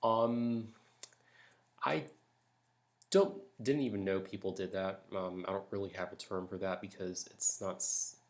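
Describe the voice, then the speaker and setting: Soft-spoken low man from Florida. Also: fairly even intonation, measured pace. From Jacksonville, Florida. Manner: talking softly late at night, hesitant fillers. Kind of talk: accent tag reading. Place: house at night.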